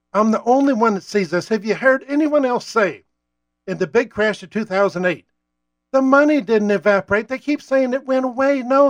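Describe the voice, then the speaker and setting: High-voiced American man ranting angrily. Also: no room sound. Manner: profane, worked-up ranting. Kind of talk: ranting political monologue.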